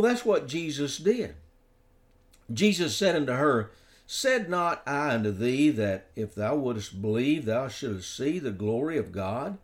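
A man preaching a sermon, reading King James scripture aloud and explaining it emphatically. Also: medium pitch. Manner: lively preaching cadence with slow emphatic phrases.

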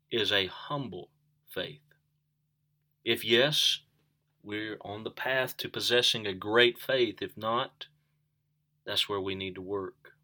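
A man's voice: fairly low pitch, pushed and bright. A man preaching a sermon, earnest, asking the listeners questions and repeating key phrases for emphasis.

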